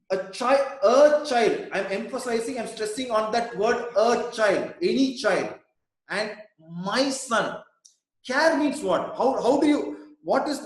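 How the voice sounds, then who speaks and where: A man leading a reflective group discussion on an online call, posing probing questions and repeating words for emphasis. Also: very high-pitched. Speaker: mindfulness centre founder leading discussion. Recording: heavy echo on an online call.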